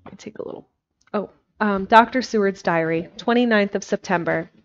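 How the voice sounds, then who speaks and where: A woman reading a classic novel aloud, steady with occasional slips and restarts. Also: mid-range voice, brisk. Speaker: narrator. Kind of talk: audiobook reading. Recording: dull lo-fi livestream recording.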